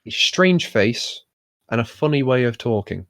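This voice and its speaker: A man's voice: medium pitch, animated, unhurried, fairly bright tone, no echo. A young man hosting a casual podcast, talking in a rambling, wry way full of fillers. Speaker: podcast host. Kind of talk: casual chat about wrestling.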